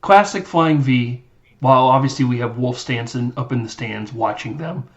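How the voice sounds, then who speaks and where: A man's voice: medium pitch, moderate pace, highs cut off. A man hosting a podcast, recapping a movie in casual, rambling chat and acting out lines in silly voices. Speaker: podcast host.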